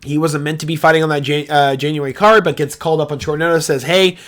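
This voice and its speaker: A young man hosting a casual fight breakdown, profane and excitable, swinging from loud outbursts to low muttering. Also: fast. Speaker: MMA reaction host.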